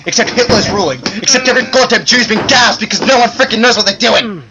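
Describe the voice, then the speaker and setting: Over music, a very high-pitched man talks fast as he comments on his gameplay, exclaiming and begging the game in frustration. He's a gamer, and his dull lo-fi mic picks up loud noise and clicks.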